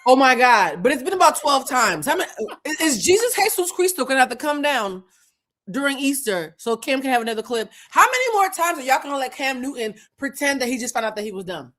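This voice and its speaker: A woman's voice: sits high, sing-song, fast, fairly bright tone. Blunt sarcastic woman co-host. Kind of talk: casual commentary chat.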